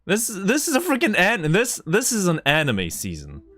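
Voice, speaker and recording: A man's voice: high voice, huge pitch swings, normal speed, pushed and bright. A man streaming live, reacting emotionally and stammering as he repeats his words.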